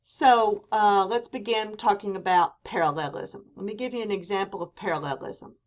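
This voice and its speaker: A woman teacher giving a classroom lecture, speaking deliberately and reading quoted examples with emphasis. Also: mid-range voice.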